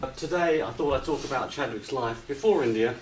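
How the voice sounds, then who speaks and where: A man giving a slide presentation to an audience, hesitant with many ums, relaxed and gently humorous. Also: mid-range voice, brisk. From United Kingdom. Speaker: lecturer. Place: retreat lecture room with audience. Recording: roomy echo, distant mic, faint hiss.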